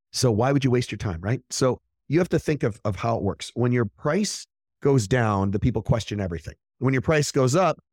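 A man hosting a solo podcast as a business coach, blunt and profane, who fires off motivational points and acts out what other people say in quick asides. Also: a little high, no echo, studio quality.

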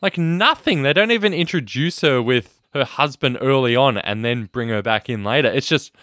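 Teasing podcast co-host. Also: male voice, medium pitch, a bit bright, no room sound. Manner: teasing, quick banter. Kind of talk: casual film podcast chat.

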